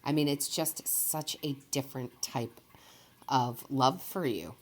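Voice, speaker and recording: Very low-voiced woman reading tarot. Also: slow pace. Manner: chatty, rambling, enthusiastic, laughs often. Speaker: tarot reader and medium. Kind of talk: casual tarot reading to camera.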